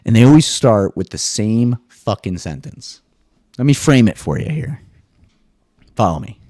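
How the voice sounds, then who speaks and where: A man hosting a casual solo podcast monologue, swearing freely and jumping into high mock voices now and then. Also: big pitch swings, a little slow, mellow, dry recording, studio quality. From US East Coast. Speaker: podcast host.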